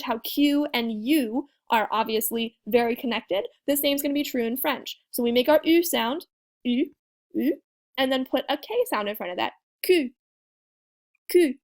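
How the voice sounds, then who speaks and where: A young woman teaching a French pronunciation lesson, encouraging and demonstrating sounds slowly with repetition. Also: sits high. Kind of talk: video language lesson.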